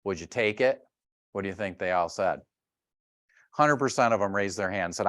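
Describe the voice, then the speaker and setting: A middle-aged man giving a health workshop, telling animated stories and acting out sounds and voices. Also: on the low side, dry recording, clean studio sound. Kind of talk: lively workshop talk.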